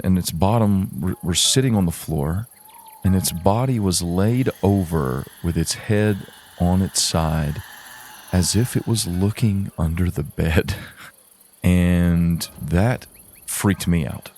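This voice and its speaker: A man telling a spooky first-person story for a podcast, halting and repeating words as he builds suspense. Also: low voice, a little mellow.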